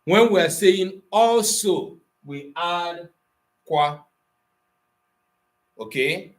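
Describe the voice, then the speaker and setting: A man's voice: high-pitched, lively intonation, very slow. A man teaching an online language class, patiently explaining grammar and moving between Igbo and English.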